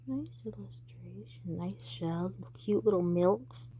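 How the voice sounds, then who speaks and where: A woman reading a children's picture book aloud, with animated narration and soft, whispered asides about the pictures. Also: mid-range voice, unhurried, slight background noise. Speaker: reader.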